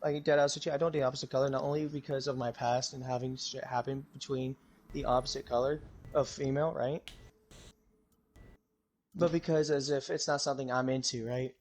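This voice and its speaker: Quick, brash young man, bluntly honest, casual stream banter. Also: mid-range voice, flat delivery, darkish tone, a little hiss or hum. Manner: blunt, brash, swears a lot. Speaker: guest on a gaming stream. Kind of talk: casual chat.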